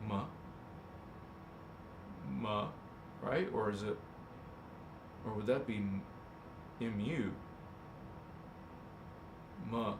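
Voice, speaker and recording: Guy on a spiritual livestream, super slow, thinking out loud and cussing, echoey room. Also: on the low side, background noise. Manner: slow, drawn-out, musing aloud, joking and swearing. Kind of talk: rambling livestream chat.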